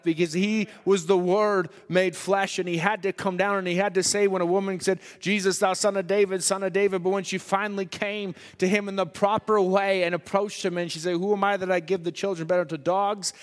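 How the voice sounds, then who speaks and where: A man with a high voice preaches in a church hall in a flat, fairly quick manner with hardly any pauses. He still alternates loud, emphatic statements with soft asides, and a long hall reverb trails the audio.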